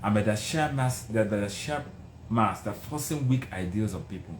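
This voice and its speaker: A man giving a passionate motivational speech about success. He builds from low, measured lines to raised, emphatic ones. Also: lively intonation, slight background noise. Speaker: motivational speaker. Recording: roomy echo.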